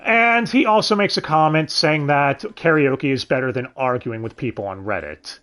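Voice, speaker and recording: A man's voice: mid-range voice, very animated, normal speed, fairly bright tone. A man reviewing a dub in casual commentary, sarcastic and swearing, with sighs and questions to his listeners. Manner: sarcastic, swears often, sighs and asks the audience.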